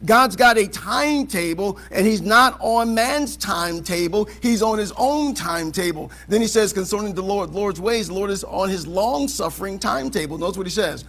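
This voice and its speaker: A man preaching a sermon as pastor in a church auditorium, asking the congregation questions and building to shouts. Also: high voice, normal speed, hardly any pauses. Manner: preaching with rising shouts and call-and-response questions. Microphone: live service recording.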